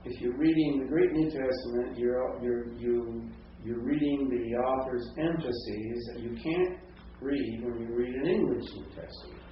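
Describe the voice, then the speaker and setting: A man's voice: medium pitch, unhurried, few pauses, distant mic, slight background noise. Lecturing man in an echoey classroom. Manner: conversational, with frequent tag questions. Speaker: seminary professor. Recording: echoey lo-fi classroom recording from afar.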